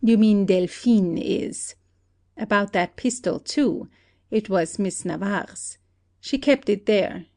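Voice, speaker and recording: A woman voicing a shrewd country detective who calmly lays out an accusation in a play reading. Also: medium pitch. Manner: steady, deliberate accusing. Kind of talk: amateur audiobook play reading.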